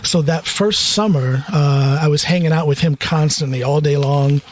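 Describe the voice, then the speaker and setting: A man's voice: fairly high pitch, moderate pace. An American man hosting a podcast, telling stories in casual conversation and laughing often. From United States. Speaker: podcast host.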